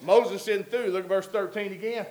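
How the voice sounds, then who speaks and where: High-voiced preacher in an echoey hall. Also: male voice, fairly even intonation, normal speed. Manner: conversational preaching that builds to loud emphatic peaks. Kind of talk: sermon.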